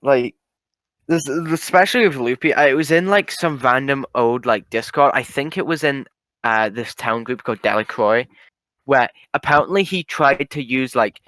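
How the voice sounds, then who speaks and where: A man with a bright, forward voice talks in a loose, profane ramble, tripping over his words and starting sentences again. The sound is close and dry, with no room around it. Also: mid-range voice, moderate pace, dry recording. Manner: rambling, profane, stumbling restarts. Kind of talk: casual chat.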